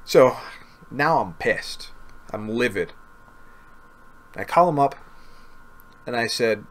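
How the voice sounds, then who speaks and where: A man's voice: mid-range voice, expressive, slow, long pauses. A man casually telling a personal story to camera, earnest and often repeating himself or stumbling over words. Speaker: gaming video creator.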